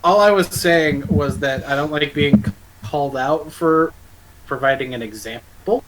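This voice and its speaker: A man's voice: a little high, measured pace, background noise. Crude joking man on a voice call. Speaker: guest co-host on a stream. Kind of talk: casual chat on a call.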